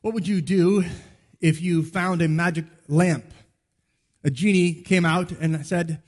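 A man's voice: on the high side, steady tone, a little slow, darkish tone. A man preaching a sermon in a conversational, storytelling way, acting out bits of dialogue. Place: church sanctuary. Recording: reverberant church hall.

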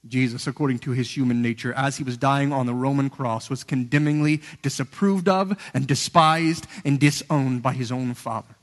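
A man's voice: moderate pace, few pauses. Earnest male preacher in a reverberant hall. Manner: earnest, building to emphatic peaks and dropping to hushed lows. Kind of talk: sermon.

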